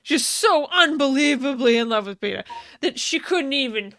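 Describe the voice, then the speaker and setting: A woman's voice: high-pitched, expressive, normal speed, a bit bright, no room sound, clean studio sound. A young woman co-hosting a casual podcast, recapping a book with frequent laughs, casual swearing and many ums. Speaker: podcast co-host.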